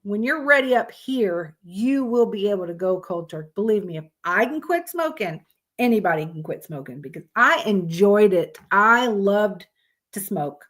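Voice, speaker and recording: A woman hosts a casual live stream. She talks bluntly and swears freely. She chats directly with her viewers in a mid-pitched voice. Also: lively intonation, moderate pace. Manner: blunt, profane, chatty with viewers.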